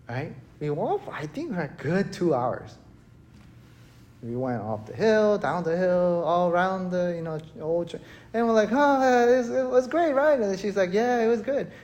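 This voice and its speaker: Male pastor, sermon, lively storytelling, acts out panicked moments. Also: a little high. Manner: animated storytelling with acted panic. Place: church hall.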